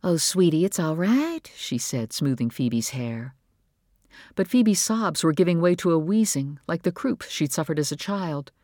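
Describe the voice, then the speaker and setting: An audiobook narrator reading literary fiction in a measured, expressive way, recorded in a dry booth. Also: mid-range voice, no room sound. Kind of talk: scripted narration.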